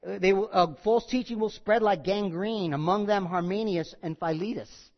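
A man's voice: high voice, moderate pace, lo-fi sound. A man preaching a sermon, reading scripture with rising force and dropping into wry asides.

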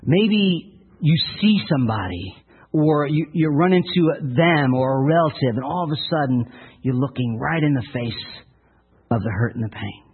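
A man's voice: fairly high pitch, lively intonation, moderate pace, husky. A male pastor preaching a sermon in an earnest storytelling manner, often repeating words. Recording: tinny phone-like lo-fi sound.

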